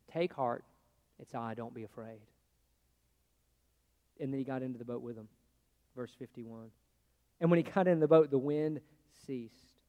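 A man preaching a sermon in a conversational way, swinging between loud, pressing lines and hushed, quiet ones. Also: a little high, in a large hall. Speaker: pastor.

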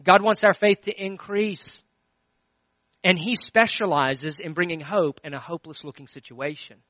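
A middle-aged male pastor preaching a sermon in a conversational, storytelling way, with frequent restarts and swings between loud and hushed. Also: high-pitched, steady tone, moderate pace, no echo, poor audio.

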